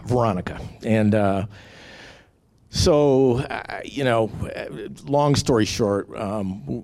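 A man's voice: sits low, a little mellow. A man giving a rambling, candid personal testimony, full of fillers and restarts. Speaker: testimony speaker.

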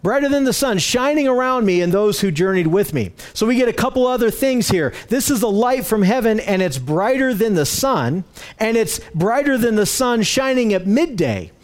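A man with a notably high voice leads a Bible lesson, going through the passage verse by verse. His delivery is conversational rather than polished, full of fillers and restarts as he works out his explanations. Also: big pitch swings, normal speed. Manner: explains word by word, using slides. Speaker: Bible teacher.

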